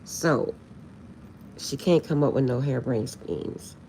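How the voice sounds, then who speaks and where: A woman's voice: very deep voice, takes it slowly, dark tone, a little hiss or hum. A woman chatting casually on a late-night live stream, laughing often and insisting she is serious.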